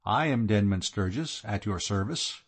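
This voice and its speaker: A man voicing a cool, confident male detective who speaks in a calm, assured way. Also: on the low side, normal speed, vocal fry.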